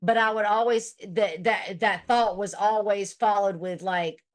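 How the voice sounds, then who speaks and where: A woman's voice: mid-range voice, fairly even intonation, measured pace. Woman livestream host, mid-range voice, foul-mouthed and blunt, chatting over viewer comments. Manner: blunt and profane, laughs often. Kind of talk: casual livestream chat reading viewer comments.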